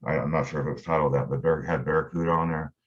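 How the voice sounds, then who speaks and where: This middle-aged man speaks very fast in a rumbling low voice with fairly even intonation. He's a guitarist guest in an interview, wandering through a lengthy story with many fillers and false starts, captured on dull lo-fi audio.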